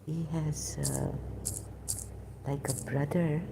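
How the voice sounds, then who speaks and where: A woman talking alone on a livestream, hesitant and halting, often dropping into whispers. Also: deep voice, flat delivery, gravelly, noisy background. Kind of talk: rambling solo livestream talk.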